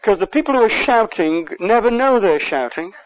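English male preacher, high-pitched, passionate surges, muffled sermon tape. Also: expressive, moderate pace. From England. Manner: impassioned, surges louder on key words.

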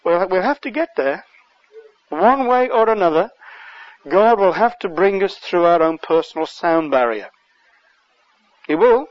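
English male preacher, high-pitched, passionate surges, muffled sermon tape. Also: animated, measured pace, long pauses, no room sound. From England. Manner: impassioned, surges louder on key words.

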